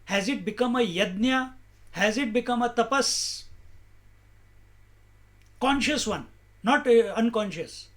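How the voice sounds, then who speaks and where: High-voiced man giving a spiritual talk. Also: fairly bright tone. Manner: asks rhetorical questions, measured and emphatic. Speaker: spiritual teacher. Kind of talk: spiritual discourse.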